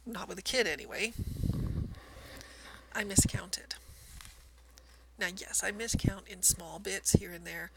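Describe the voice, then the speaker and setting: Woman, casual show-and-tell, gravelly fry, soft near-whispers, self-deprecating. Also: mid-range voice, a little slow, pauses often, noisy background. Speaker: cross stitch vlogger.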